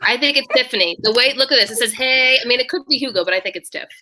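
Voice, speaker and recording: A woman's voice: a little high, rapid-fire, bright, forceful tone, a little hiss or hum. A woman hosting a casual live stream over a video call, chatting with her co-host and greeting viewers in the chat by name. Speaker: livestream host.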